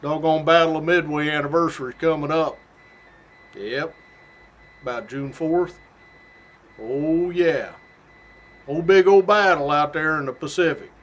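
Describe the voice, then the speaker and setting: Folksy storytelling man, slightly high voice. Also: measured pace, pauses often. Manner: animated, laughs often, folksy drawl-like phrasing. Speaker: state trooper telling stories. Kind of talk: casual storytelling.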